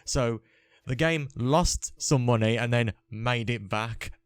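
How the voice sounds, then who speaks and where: A man's voice: medium pitch, slow pace, clean tone, no room sound. A man hosting a casual gaming podcast, chatting and rambling with restarts. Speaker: podcast host. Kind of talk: casual chat.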